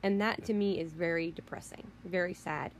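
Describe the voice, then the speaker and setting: A woman's voice: on the low side, steady tone, normal speed, a little hiss or hum. Woman ranting in a rambling, emphatic way. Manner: emphatic, rambling, repeats herself. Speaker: vlogger. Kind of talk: ranting monologue.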